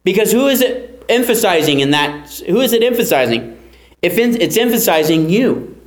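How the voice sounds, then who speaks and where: A man's voice: high voice, sing-song, moderate pace, reverberant, poor audio. A man preaching a sermon, earnestly teaching and repeating key phrases for emphasis. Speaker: pastor.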